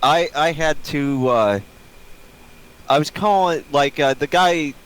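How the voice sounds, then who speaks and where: A man's voice: a little high, slow pace, a bit bright, smooth, rough recording. A man from Ohio co-hosting a podcast, ranting bluntly and profanely in casual chat over a video call. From Ohio, United States. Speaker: podcast co-host.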